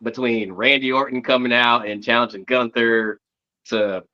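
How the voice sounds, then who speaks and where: Male co-host, laid-back, sharp bright tone, dull lo-fi dry recording. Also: medium pitch, fairly even intonation, normal speed, no room sound. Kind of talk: casual wrestling chat. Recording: dull lo-fi mic.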